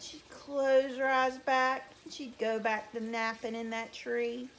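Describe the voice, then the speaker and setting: A woman telling a folk tale to young children at story time, in a slow, sing-song, animated way. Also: high-pitched. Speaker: teacher reading to children.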